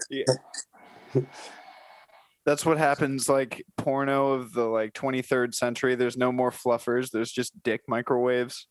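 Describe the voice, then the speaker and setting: A man's voice: mid-range voice, slow, no room sound. Rambling joking man, dry close sound. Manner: jokey, rambling, laughs mid-sentence. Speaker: podcast co-host. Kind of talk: improvised comedy riffing.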